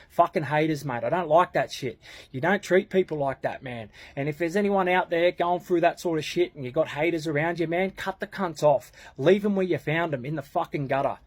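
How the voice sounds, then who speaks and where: A man in his thirties with an Australian accent, telling a blunt, slang-heavy story from his youth with plenty of swearing. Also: a little high. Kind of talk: casual storytelling.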